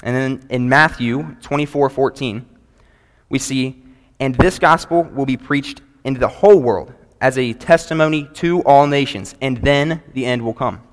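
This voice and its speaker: A man, preaching a sermon to a congregation in an earnest, measured way and reading scripture aloud. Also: medium pitch. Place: church sanctuary before a congregation. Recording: long reverb of a large hall.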